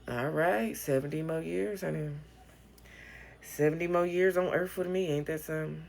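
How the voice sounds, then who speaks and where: A woman's voice: low voice, steady tone, moderate pace, creaky, long pauses, darkish tone. A woman hosting a casual livestream from her bedroom on her phone, blunt and profane, chatting loosely and thanking viewers for gifts. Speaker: livestream host.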